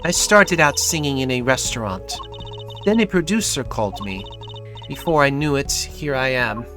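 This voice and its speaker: Poised female pop star, polite and formal, vaguely European accent that a man puts on. Lively pitch. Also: normal speed, music in the background, close to an everyday voice. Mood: calm. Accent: put-on vague European. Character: calm, composed female pop singer.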